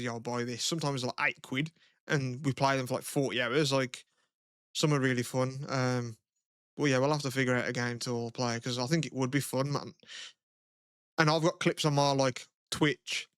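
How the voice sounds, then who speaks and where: A man's voice: mid-range voice, fairly even intonation, normal speed, a bit bright, clear, resonant tone, no echo, studio quality. A young man, co-hosting a podcast in rambling, casual chat and laughing often. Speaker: podcast co-host.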